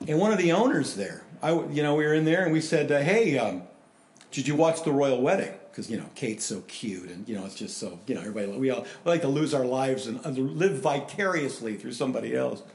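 A man preaching a sermon in a conversational, animated way, swinging between loud emphasis and hushed asides. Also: medium pitch, a little fast, reverberant. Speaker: pastor.

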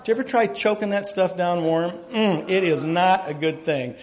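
A man preaching a sermon, telling folksy stories and jokes, his volume swinging from quiet to loud as he gets animated. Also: high voice, moderate pace. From United States. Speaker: pastor.

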